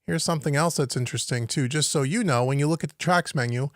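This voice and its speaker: Talking fast in a slightly high voice, a man teaches home recording over a live stream from his home studio. He works through the software thinking aloud and puzzling at his screen, with studio-quality audio and no room sound.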